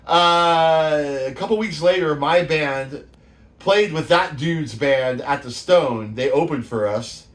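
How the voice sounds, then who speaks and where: His voice is slightly high, slow and fairly bright. He's a San Francisco Bay Area man in his fifties hosting a show, telling loose, foul-mouthed stories with plenty of laughter in a casual monologue.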